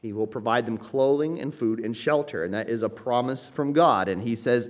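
A man's voice: medium pitch, normal speed, hardly any pauses. A man preaching an expository sermon, explaining a passage and often checking in with his listeners.

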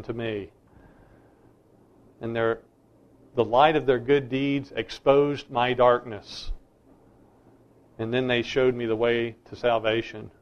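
A man's voice: mid-range voice, lo-fi sound. A middle-aged man preaching a sermon as a pastor, emphatic and insistent.

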